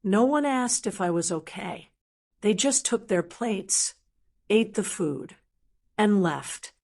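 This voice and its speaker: Woman narrator, mid-pitched, slow and clearly enunciated, doing scripted storybook narration for learners. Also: lively intonation, darkish tone. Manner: slow, plain, clearly enunciated simple sentences.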